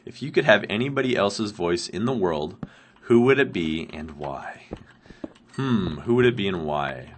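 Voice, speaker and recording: Rambling deep-voiced sick man gaming. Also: a little hiss or hum. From Canada. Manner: rambling, laughs often, thinks aloud with many ums. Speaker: Minecraft let's player answering viewer questions. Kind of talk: casual gameplay commentary.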